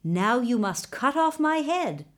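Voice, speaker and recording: A woman voicing a calm, commanding magical male horse in a storybook reading, giving steady instructions. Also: on the high side, slow pace. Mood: calm guiding.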